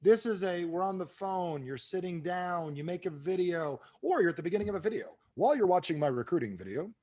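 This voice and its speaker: Animated motivational speaker man. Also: high-pitched, brisk. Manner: animated, asks the audience questions. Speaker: speaker at an online training call. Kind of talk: motivational business talk.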